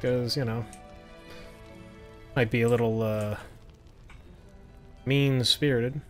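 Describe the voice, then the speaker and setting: A man's voice: medium pitch, steady tone, slow, a bit bright, soft background music. A man streaming a game, commenting in a laid-back, chatty way and swearing casually. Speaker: gaming streamer. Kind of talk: let's-play commentary.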